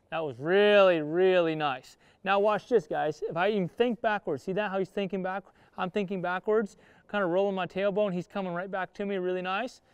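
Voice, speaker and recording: A man with a fairly high, smooth voice gives a riding lesson from the saddle, explaining each step in plain cowboy speech. He breaks off to coach his horse with short calls, and the sound is dry and close. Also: no echo. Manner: talks while riding, coaching the horse and viewers; plain-spoken cowboy talk. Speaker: horse trainer. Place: outdoor riding arena.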